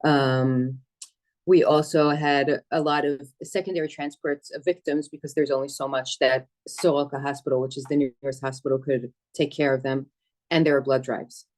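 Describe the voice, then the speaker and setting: A woman who works as an emergency medic and dispatcher, giving a spoken testimony in a steady, earnest storytelling manner with some hesitations. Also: very deep voice, normal speed. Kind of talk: personal account speech.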